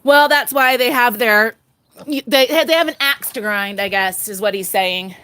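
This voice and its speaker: This garden vlogger films herself outdoors with a handheld phone, chatting casually about her pet pig and garden and laughing often. She speaks at normal speed in a fairly high, bright, forceful voice, with slight background noise behind her.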